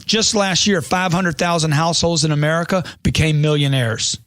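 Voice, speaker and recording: A man's voice: on the high side, fairly even intonation, moderate pace, a bit bright, dry recording, studio quality. A man reading a money self-help book aloud as scripted audiobook narration, in an emphatic motivational way that leans on rhetorical questions.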